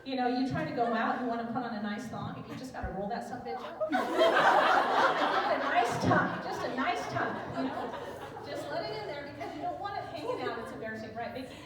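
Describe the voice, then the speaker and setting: A woman's voice: high voice, expressive, racing, hardly any pauses. A woman doing a stand-up comedy set, telling bawdy, self-mocking stories to a live audience. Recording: echoey hall, distant mic, noisy crowd. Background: audience laughter.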